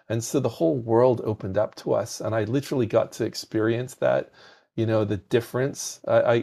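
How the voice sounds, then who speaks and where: A man, a podcast guest, telling animated anecdotes with a softened foreign accent, often repeating words as he starts sentences. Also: fairly low pitch. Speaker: podcast guest, game industry founder. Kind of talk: conversational storytelling.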